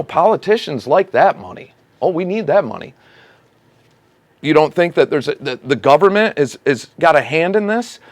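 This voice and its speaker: A man's voice: a little high, no echo. A man hosting a casual local politics show, ranting with sarcasm and indignation about his city council. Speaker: host of a local commentary show.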